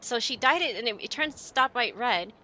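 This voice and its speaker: A woman's voice: a little high, lively intonation, normal speed, sharp tone, a little hiss or hum. A woman streaming a game, chatting with viewers in a giggly, rambling way and telling stories. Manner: chatty, giggly, tells anecdotes. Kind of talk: casual chat with stream viewers. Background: game music.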